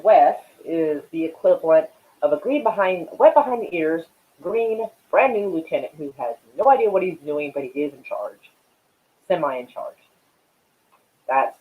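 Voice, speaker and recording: Casual male streamer, chatty and foul-mouthed, smoking on air; slightly high voice through a thin, phone-like recording. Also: expressive, moderate pace. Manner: rambling and profane, many fillers; smoking while talking. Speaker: live-stream host. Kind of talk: casual live-stream chat with viewers.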